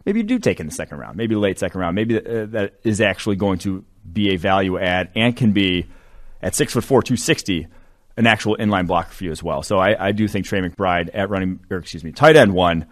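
A podcast co-host and draft analyst with a deep, brisk voice and lively intonation chats casually about sports. He talks loosely and rambles, using lots of fillers.

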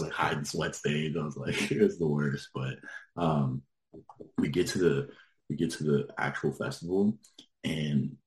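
A man with an extremely low, deep voice, chatting casually and rambling through a story with lots of filler words. He sounds like he's in a roomy, echoey space. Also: a little mellow. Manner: rambling, lots of likes, laughs while telling. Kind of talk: casual chat.

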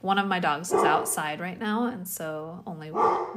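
A woman with a slightly low voice hosts a casual solo podcast. She sounds tired and drained, and she rambles, sighing and laughing softly as she questions herself. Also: normal speed, heavy background noise. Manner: rambling, self-questioning, with sighs and small laughs. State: tired, yawning. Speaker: podcast host.

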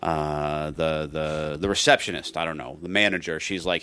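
This man has a bass voice that is pushed and bright yet clear and resonant, with fairly even intonation, a fairly quick pace, and few pauses; there's no room sound. Co-hosting a casual comedy podcast, he rambles through a story, restarting and performing other people's lines.

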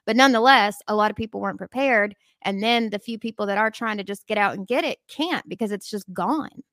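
A woman's voice: medium pitch, a little fast, fairly bright tone, no room sound, studio quality. A congested woman from Memphis, chatting casually and explaining at length. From Memphis, southern US. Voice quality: nasal from congestion. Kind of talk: casual chat.

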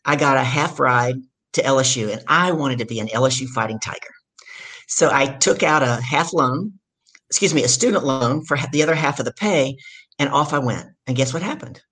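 A middle-aged woman from the States, telling her story as a guest in an energetic, emphatic way. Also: rumbling low, fairly quick, husky. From southern United States. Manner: energetic, emphatic storyteller who acts out quotes. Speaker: guest, business speaker. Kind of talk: storytelling in a conversation.

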